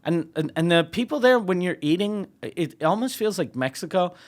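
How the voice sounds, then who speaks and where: Higher-voiced man telling a profane story. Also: expressive, normal speed. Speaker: podcast co-host, comedian. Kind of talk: casual storytelling chat.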